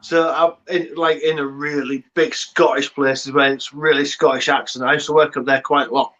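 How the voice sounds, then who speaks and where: A man's voice: medium pitch, flat delivery, normal speed, a bit bright, dull audio. A man in casual banter on a video call, teasing the others and swearing. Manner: teasing, swears, says "mate". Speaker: podcast panelist.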